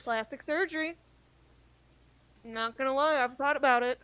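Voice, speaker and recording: Bright, brash-voiced woman. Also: high voice, moderate pace, clear, resonant tone. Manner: brash, joking. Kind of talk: casual group chat.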